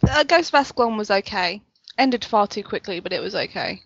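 A woman co-hosting a podcast in a relaxed, casual chat, laughing easily. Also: mid-range voice, a little fast, vocal fry, husky, no room sound, lo-fi sound. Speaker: podcast co-host.

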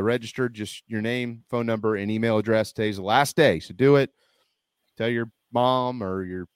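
Male sports talk host, mid-pitched, upbeat ad reads, dry close sound. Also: clean tone, dry recording. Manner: upbeat, salesy, chatty. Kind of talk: casual sports radio chat and ad reads.

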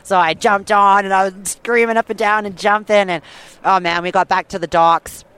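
A woman guest telling a long story with lively excitement, full of fillers and quick restarts. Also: medium pitch, smooth. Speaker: guest hunter. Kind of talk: animated storytelling.

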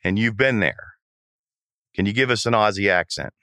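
Playful male host, low and bright, dry close mic. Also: moderate pace, smooth, no room sound. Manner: playful, prodding questioner. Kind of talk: casual chat.

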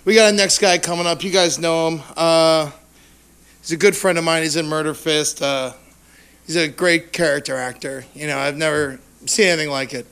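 A man's voice: a little high, fairly even intonation, moderate pace, gravelly, fairly bright tone, clean tone. A man emceeing a live comedy roast on stage, firing punchy one-liners with sarcastic asides and bringing up the next roaster. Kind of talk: live stand-up roast hosting. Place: stage before a live audience.

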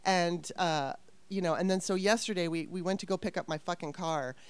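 A woman's voice: lowish voice, brisk, smooth, no echo. A woman in her fifties telling a story casually, rambling and swearing with exasperation.

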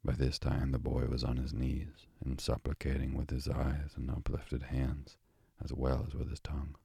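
Sleep-story narrator, male, soft and drowsy, deep monotone, dry close sound. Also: moderate pace, vocal fry, slightly rough, no room sound. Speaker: bedtime story reader.

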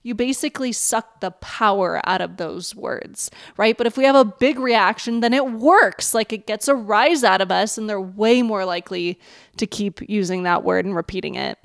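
A woman's voice: mid-range voice, normal speed, gravelly, no echo, studio quality. Chatty woman co-host giving frank advice. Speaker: podcast co-host. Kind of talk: casual chat.

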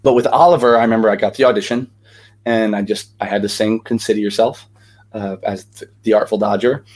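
Energetic chatty young man. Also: fairly low pitch, brisk. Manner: energetic, chatty storyteller with many fillers. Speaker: podcast guest, actor and singer. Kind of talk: casual interview chat.

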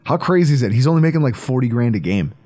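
Animated man hosting a sports podcast. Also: mid-range voice, very fast. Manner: animated, joking, riffing and laughing. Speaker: podcast host. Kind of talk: casual sports podcast chat.

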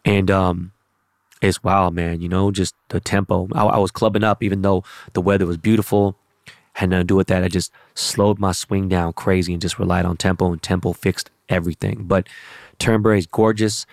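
A man's voice: sits low, little pitch movement, normal speed, vocal fry, dry recording, studio quality. A young adult man rambling in a brash, profane, slang-heavy casual monologue as a vlogger.

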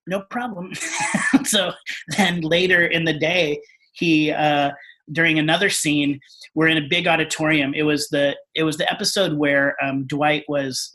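A man telling a story in casual conversation. His voice is bright and forward, and he acts out what other people said with lively energy. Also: a little high. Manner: animated, acts out quotes. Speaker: guest.

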